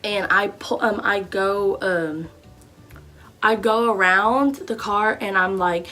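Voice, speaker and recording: Young woman, casual storytime vlogger; lively, profane delivery with shouted quotes. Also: medium pitch, slow pace, soft background music. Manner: animated, profane, swings into loud shouted quotes.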